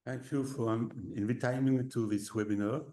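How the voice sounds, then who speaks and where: A man's voice: mid-range voice, fairly even intonation, normal speed, warm tone. French-accented man reading a lecture. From France. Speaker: guest lecturer. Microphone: video call. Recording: echoey room audio.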